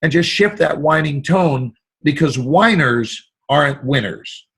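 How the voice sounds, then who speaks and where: Husky man, expansive storyteller. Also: a little high, unhurried. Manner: expansive, animated, acts out quoted voices. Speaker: guest actor. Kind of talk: motivational storytelling.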